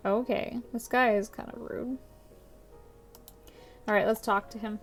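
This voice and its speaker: A woman's voice: on the high side, steady tone, a little slow, pauses often, soft background music. Woman streamer chatting over a game. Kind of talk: casual let's-play commentary.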